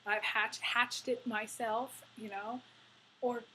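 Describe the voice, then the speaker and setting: A woman's voice: fairly high pitch, little pitch movement, takes it slowly, pushed and bright, a little hiss or hum, rough recording. A woman giving a tarot reading to camera, talking in a rambling, effusive way with many fillers. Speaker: tarot reader.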